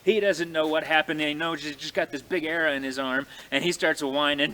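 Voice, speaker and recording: A man telling a frontier tale in a folksy, animated way, speaking to his audience outdoors in snowy woods. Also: fairly high pitch, a little fast, hardly any pauses. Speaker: living history storyteller. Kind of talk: folksy oral storytelling.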